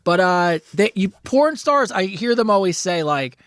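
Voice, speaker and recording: A man's voice: high-pitched, big pitch swings, unhurried, fairly bright tone, dry recording, clean studio sound. A man co-hosting a casual advice chat show, playful and rambling, reading listener letters aloud. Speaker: podcast co-host.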